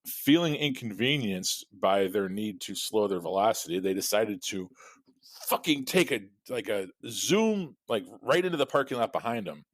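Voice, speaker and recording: Male podcast co-host, low-pitched, animated, profane rambler, dry close sound. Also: moderate pace, no echo. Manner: rambling, profane storytelling with frequent laughs. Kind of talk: casual chat.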